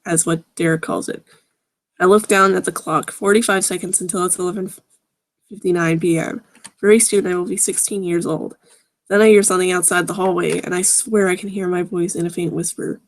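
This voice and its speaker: A woman reading fan fiction aloud with sarcastic, groaning asides. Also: fairly low pitch. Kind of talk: mocking dramatic reading with commentary.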